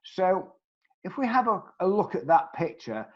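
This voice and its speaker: A man's voice: high voice, very animated, moderate pace, lo-fi sound. A man giving a networking training session on a video call, speaking earnestly and putting questions straight to his audience. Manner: earnest, emphatic, asks the audience direct questions. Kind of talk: online training presentation.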